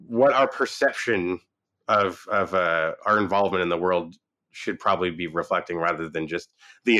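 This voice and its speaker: A man casually reviewing a movie, retelling the plot with lively acted-out quotes and frequent restarts. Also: fairly low pitch. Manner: animated retelling, acts out quoted lines. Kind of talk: casual film review chat.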